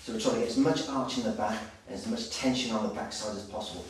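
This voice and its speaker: A slightly breathless male personal trainer demonstrating exercises, giving brisk, direct coaching with frequent check-ins. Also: lowish voice, fairly even intonation. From Wales. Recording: very echoey, distant, noisy room sound.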